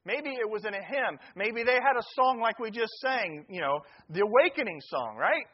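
A man's voice: sits high, animated, moderate pace. Folksy man preaching, muffled audio. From American Midwest. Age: middle-aged. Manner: folksy and joking, speaks to a live congregation. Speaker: pastor. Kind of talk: sermon. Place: church sanctuary.

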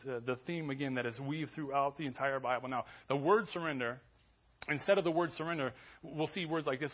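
A man preaching a sermon as pastor, conversational with restarts, building to loud emphasis. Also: on the high side, highs cut off. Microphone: church sermon recording.

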